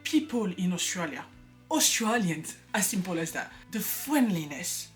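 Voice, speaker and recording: Chatty woman vlogger, soft music behind. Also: lowish voice, big pitch swings, measured pace. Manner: chatty, earnest, with frequent laughs and fillers. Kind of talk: casual personal vlog talk.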